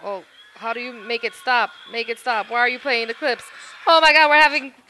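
Bright, blunt slangy woman. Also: on the high side, fairly quick, slight background noise, low-quality recording. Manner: blunt, slangy, calls people bro. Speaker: podcast co-host. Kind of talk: casual wrestling chat.

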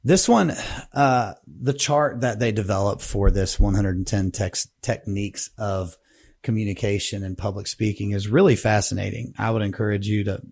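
A man co-hosting a podcast about preaching, talking in a relaxed, conversational way. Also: fairly low pitch, moderate pace, vocal fry, no echo, studio quality. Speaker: podcast co-host.

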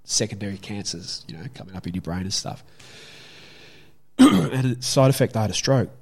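A man's voice: lowish voice, lively intonation, moderate pace, vocal fry, darkish tone, breathy edge. A young Australian man telling a story from his own life in a casual, candid way, swearing freely. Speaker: guest.

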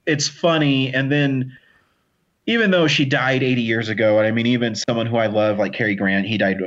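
A man's voice: mid-range voice, steady tone, a little fast, fairly bright tone. A male guest talks hesitantly about old films, with plenty of fillers. His voice comes through slightly muffled and dull. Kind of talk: casual film discussion.

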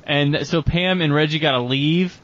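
A man on a podcast walks through a movie scene in casual, chatty terms. His delivery is animated and keeps jumping into the film's lines. The recording is a bit dull and lo-fi. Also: on the high side, moderate pace. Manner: animated storyteller who acts out film scenes. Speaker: podcast co-host. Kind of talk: casual movie-review chat. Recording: dull lo-fi sound.

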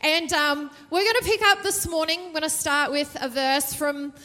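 A woman's voice: high voice, steady tone, moderate pace, pushed and bright. A woman preacher giving a chatty, jokey sermon from a church stage, often asking the audience questions. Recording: reverberant church hall.

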